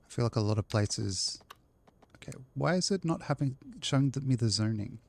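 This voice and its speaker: A man's voice: medium pitch, lively intonation, moderate pace, gravelly, darkish tone. A man live-streaming a city-building game, chatting casually and rambling to his chat while he plays.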